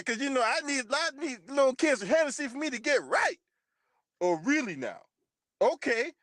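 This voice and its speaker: A man's voice: extremely high pitch, fairly bright tone, dry recording, studio quality. A man hosting his own channel who reads out a news story and comments on it, mocking the people in it, swearing freely and often laughing.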